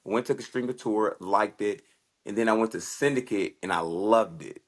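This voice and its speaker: A man with a fairly low voice speaks as a guest in a relaxed interview. He tells his stories with energy and acts out the dialogue of the people in them. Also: normal speed. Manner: animated, acts out quoted exchanges with lots of "I was like". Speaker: guest, former football player turned fighter. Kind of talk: casual storytelling interview.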